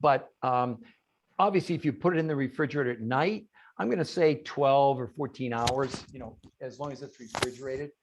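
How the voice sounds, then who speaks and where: Brisk and mid-range in voice, the guest speaker on this video call gives an animated, emphatic group presentation. Rhetorical questions come up often, and he answers each one himself.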